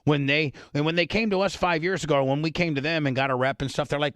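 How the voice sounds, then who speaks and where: A man's voice: a little high, fairly even intonation, quick pace, hardly any pauses, fairly bright tone, dry recording. A man hosting a talk radio show, telling blunt, brash stories in casual banter. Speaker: radio host.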